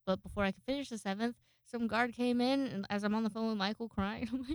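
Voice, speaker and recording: A young woman talks loosely into a close home mic, hosting her own podcast and rambling from one thought to the next. Her voice is smooth and clear, and the sound is dry, with no room around it. She swears freely and laughs at herself. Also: fairly high pitch, steady tone, fairly quick, few pauses, no echo. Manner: rambling, profane and self-deprecating, with frequent laughs and restarts. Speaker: podcast host. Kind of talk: casual solo podcast monologue.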